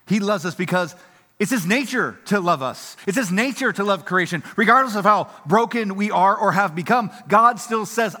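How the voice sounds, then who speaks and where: A man preaching a sermon in an animated, emphatic way, swinging between loud passages and hushed ones. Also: a little high. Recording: reverberant hall.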